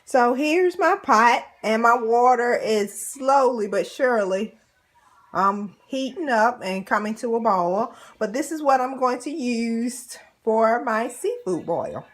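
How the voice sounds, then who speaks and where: A woman's voice: a little high, animated, slow, reverberant, poor audio. A woman making a casual home cooking vlog, chatting to her viewers in a self-deprecating way as she cooks in her kitchen.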